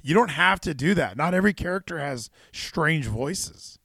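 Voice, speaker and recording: A man hosting a casual wrestling chat stream, excitable and rambling. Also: fairly high pitch, moderate pace, creaky, husky, no echo, clean studio sound. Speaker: stream host.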